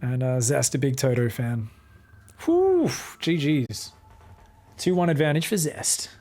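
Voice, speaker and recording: Australian male caster with an excitable, foul-mouthed, joking delivery over light background music. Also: medium pitch, moderate pace. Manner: excitable, swears freely, joking asides. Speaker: esports caster. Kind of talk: solo game commentary.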